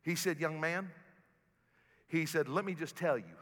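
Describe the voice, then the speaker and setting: Male pastor, high bright voice, preaching in reverberant church with faint music; surges loud then drops soft. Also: lively intonation, normal speed. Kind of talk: sermon. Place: church sanctuary.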